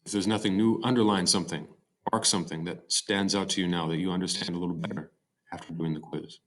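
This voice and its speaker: A man's voice: low-pitched, fairly even intonation, fast talker, a bit bright, a little hiss or hum. A man giving a recorded slide-show lecture on poetry, explaining step by step with fillers and self-corrections. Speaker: teacher.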